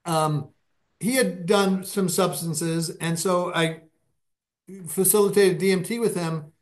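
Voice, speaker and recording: Guy with a pretty high voice rambling through stories on a podcast, lively, speeds up then slows down. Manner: animated, anecdotal, speeds up and slows down. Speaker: podcast guest. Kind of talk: casual interview storytelling.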